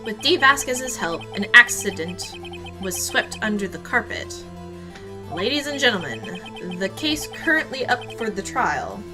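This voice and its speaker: A woman's voice: mid-range voice, big pitch swings, a little slow, music in the background. A woman voicing an earnest young male defense lawyer, arguing dramatically in a courtroom game playthrough. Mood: accusing.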